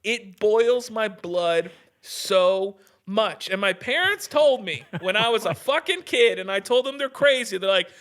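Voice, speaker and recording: A man's voice: high-pitched, expressive, unhurried, few pauses, fairly bright tone. A young man hosting his own podcast, ranting heatedly and swearing a lot, often restarting sentences and tossing in "dude.". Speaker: podcast host. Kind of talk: casual ranting podcast monologue.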